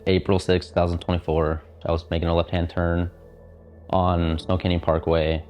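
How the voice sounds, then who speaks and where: A man of twenty telling his story in a documentary interview, halting and full of filler words. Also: deep voice, level tone. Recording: dull lo-fi sound with music.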